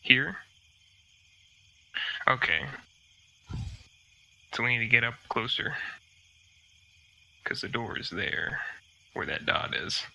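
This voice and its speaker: A man playing in a tabletop game, asking quick questions about the map. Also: mid-range voice, lively intonation, gravelly, sharp tone, slight background noise, low-quality recording. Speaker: player. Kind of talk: casual game talk.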